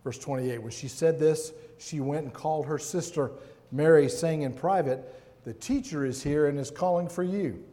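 A man giving a sermon as a guest preacher, reading scripture and speaking with slow, emphatic pauses in a large hall. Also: a little high, warm tone. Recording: long hall reverb.

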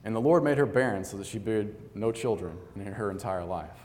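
A man's voice: fairly low pitch, animated, brisk, darkish tone, in a large hall. A man preaching a sermon, reading scripture aloud and telling stories in an earnest, conversational way.

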